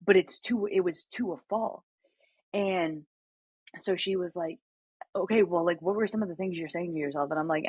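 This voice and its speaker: Husky young woman, earnest and candid. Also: fairly low pitch, moderate pace, no room sound. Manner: earnest, reenacts conversations with many fillers. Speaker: podcast guest, former college basketball player. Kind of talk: candid interview talk. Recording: dull lo-fi sound.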